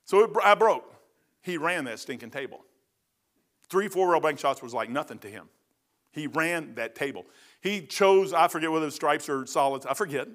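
High, bright-voiced preacher. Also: male voice, expressive, moderate pace. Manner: folksy, rambling, swings from loud to hushed. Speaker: pastor. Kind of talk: storytelling sermon.

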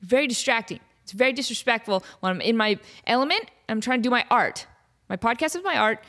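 A young adult woman hosting her podcast, telling stories in a casual, animated, self-mocking way, laughing often. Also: fairly high pitch, brisk. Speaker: podcast host. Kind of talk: casual storytelling monologue.

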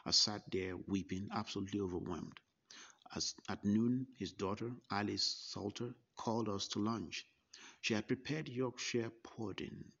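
A man with a drawl tells a personal story in a slow, deliberate way. His low voice has a gravelly rasp. The recording sounds dull and lo-fi. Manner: slow, deliberate recollection with quoted dialogue. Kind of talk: first-person storytelling testimony.

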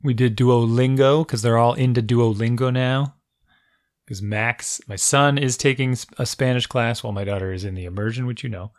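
A man's voice: medium pitch, fairly even intonation, normal speed, dry recording, clean studio sound. A middle-aged man co-hosting a podcast, chatting casually and telling stories about his kids. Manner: chatty storyteller, parent anecdotes. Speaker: podcast co-host. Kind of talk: casual chat. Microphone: studio microphone.

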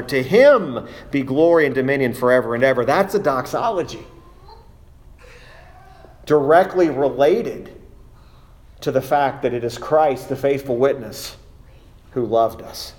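A man preaching a sermon, deliberate and emphatic, with frequent filler uhs between phrases. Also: medium pitch, animated.

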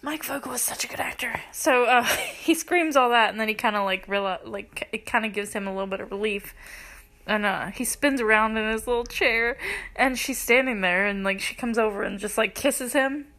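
Bright-voiced young woman gushing over a movie. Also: fairly high pitch, normal speed. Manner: chatty and gushing, lots of "like", laughs between lines. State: teary, close to crying. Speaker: movie reviewer. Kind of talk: casual movie recap.

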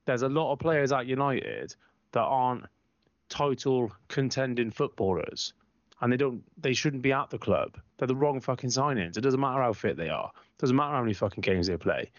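A man's voice: medium pitch, expressive, moderate pace, dry recording. A man co-hosting a football podcast, ranting bluntly and swearing constantly in heated casual chat. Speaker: podcast co-host, football fan. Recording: dry, slightly muffled lo-fi sound.

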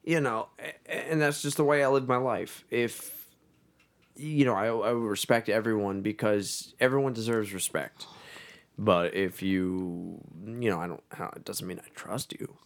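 Podcast dude, swears a lot, talks in restarts, just chatting with friends. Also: male voice, on the low side, normal speed, vocal fry. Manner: swears freely, restarts often, animated. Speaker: podcast co-host. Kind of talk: casual chat.

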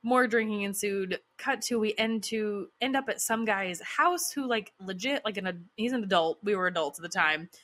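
Bright-voiced chatty woman storyteller. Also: medium pitch, moderate pace, hardly any pauses. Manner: chatty, filler-heavy, laughs often. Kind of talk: casual storytelling monologue.

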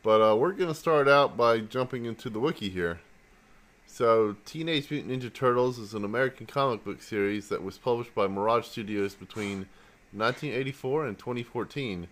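A man's voice: mid-range voice, a little fast, a bit bright. A man co-hosting a podcast, easygoing, reading notes aloud with fillers. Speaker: podcast co-host. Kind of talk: casual podcast chat.

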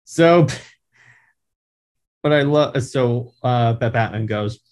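A man reviewing a comic book in a casual, halting way. He rambles through the plot and restarts phrases often, with easy enthusiasm. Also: medium pitch, a little mellow.

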